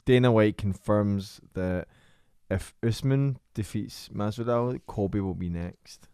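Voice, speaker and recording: A man's voice: lowish voice, slow pace, warm tone, smooth, no room sound, studio quality. A man on a podcast reading out news headlines in a plain way.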